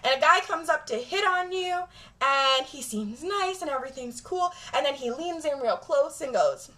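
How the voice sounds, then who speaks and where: A woman's voice: sits high, lively intonation, moderate pace, sharp tone. A woman vlogger talking straight to camera in a blunt, profane, emphatic rant. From Jamaica.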